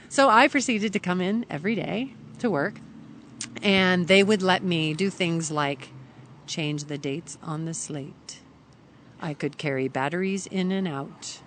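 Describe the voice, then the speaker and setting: A middle-aged woman from Kentucky, a guest on a podcast, tells a story in casual conversation and acts out the lines of the people she quotes. Her voice is lowish and a little slow, with slight background noise, and her telling is animated.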